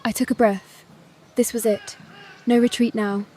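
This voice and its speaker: A woman narrating a first-person family drama story in a calm, measured voice. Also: a little high, a little hiss or hum.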